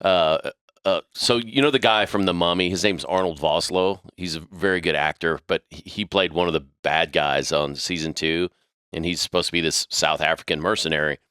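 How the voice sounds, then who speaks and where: A man's voice: low-pitched, normal speed, sharp tone, smooth, no echo, clean studio sound. A man on a podcast telling crude, jokey stories full of swearing in casual banter.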